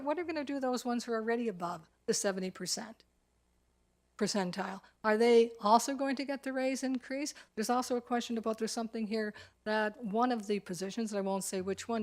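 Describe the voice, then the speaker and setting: A woman's voice: a little high, quick pace. Woman, town councillor, council meeting debate, emphatic, frustrated, repeats herself.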